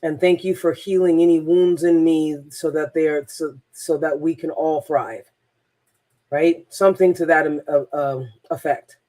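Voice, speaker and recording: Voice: medium pitch, steady tone, unhurried, dark tone. A transformational coach telling a personal story in a rambling, emphatic monologue, often repeating words.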